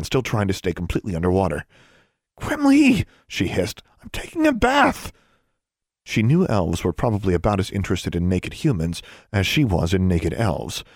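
A man narrating a story in a steady, measured way. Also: deep voice, no room sound, studio quality. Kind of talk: audiobook narration.

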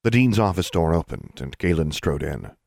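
A man narrating a children's fantasy audiobook in a steady, measured way. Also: low voice, creaky, no room sound, studio quality. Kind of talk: scripted narration.

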